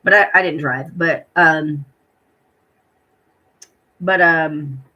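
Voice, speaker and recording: A middle-aged woman vlogger, emotional and hurting, retells her day in a personal vlog, rambling heartfelt with lots of fillers and recounted dialogue. Her voice is deep and extremely slow, and the sound is lo-fi.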